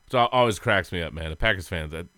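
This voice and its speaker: A man's voice: sits low, fast, sharp tone, dry recording. A man co-hosting a sports podcast, telling rambling, goofy stories in casual chat and laughing often. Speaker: podcast co-host.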